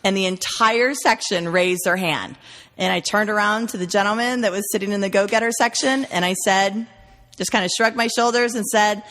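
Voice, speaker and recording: A woman's voice: mid-range voice, moderate pace, fairly bright tone. A woman guest on an interview, a referral marketing trainer who tells stories emphatically and lists words. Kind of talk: conversational interview. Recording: long hall reverb.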